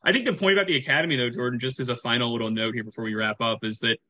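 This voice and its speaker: A man's voice: mid-range voice, very fast, pushed and bright. A man hosting a podcast, giving opinions on football and steering the talk. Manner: opinionated, wraps up segments. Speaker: podcast host. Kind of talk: casual sports chat.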